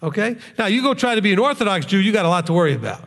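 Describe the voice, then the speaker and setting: A man's voice: high voice, very animated, racing, creaky, a bit bright. Male rabbi, sermon, chatty, keeps asking "okay?", long hall reverb. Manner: conversational, often asks "okay?". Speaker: rabbi preaching to a congregation.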